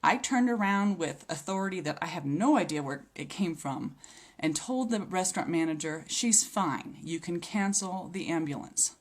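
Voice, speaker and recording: A woman's voice: on the low side, lively intonation, moderate pace. A woman giving a personal faith testimony, earnest and reflective, with small hesitations as she tells what happened. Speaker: speaker sharing a healing testimony.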